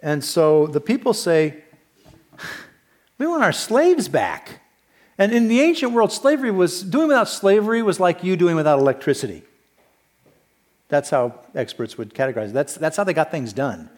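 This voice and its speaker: A male senior pastor delivering a sermon, retelling a story in a relaxed, conversational way with fillers and restarts, dropping low and quiet at grave moments. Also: brisk.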